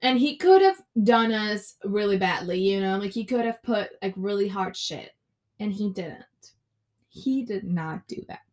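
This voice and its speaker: Slow-talking young woman podcasting. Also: medium pitch, lively intonation, a little mellow. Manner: ranting, frequent cursing, lots of "like" fillers. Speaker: podcast host. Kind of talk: casual solo podcast chat.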